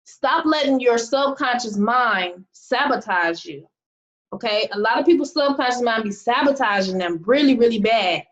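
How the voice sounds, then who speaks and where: This American business coach and team leader speaks to her group online at a moderate pace, her voice animated and on the high side. The lo-fi recording captures an emphatic, fired-up pep talk packed with rhetorical questions.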